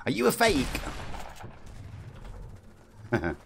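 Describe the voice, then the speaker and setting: A man's voice: a little high, huge pitch swings, very slow, vocal fry, background noise. Chatty East Midlands streamer in his forties. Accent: East Midlands English. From England. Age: 40s. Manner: chatty and upbeat, reading out viewer names. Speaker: game streamer. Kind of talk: live game stream chat.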